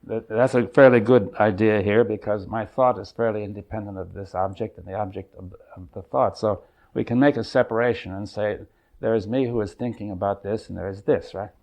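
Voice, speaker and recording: Older man, seminar leader, low gravelly voice, halting thoughtful delivery, keeps checking in with listeners. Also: steady tone, darkish tone. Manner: thoughtful, halting, often checks in with "right?" and "you see". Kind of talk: exploratory seminar talk. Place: seminar room.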